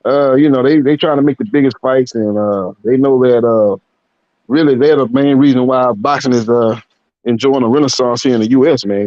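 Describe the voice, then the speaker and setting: A man's voice: mid-range voice, dry recording. Laid-back man on a dull lo-fi line. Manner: relaxed, chatty, lots of fillers. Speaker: guest boxing commentator. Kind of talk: casual live-stream chat.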